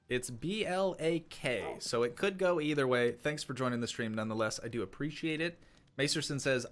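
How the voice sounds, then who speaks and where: A young man with a cold, chatting casually on a live game stream. He rambles and pokes fun at himself while answering viewers, with a mid-range voice and frequent throat-clearing. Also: medium pitch, fairly bright tone. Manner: rambling and self-mocking, answering chat, clearing his throat. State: sick with a cold. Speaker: gaming streamer.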